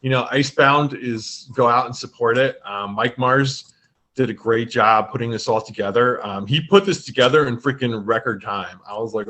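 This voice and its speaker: A man's voice: medium pitch, moderate pace, bright, forceful tone. A man chatting on a podcast as a guest game writer over a video call, enthusiastic and rambling with fillers. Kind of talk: casual podcast chat.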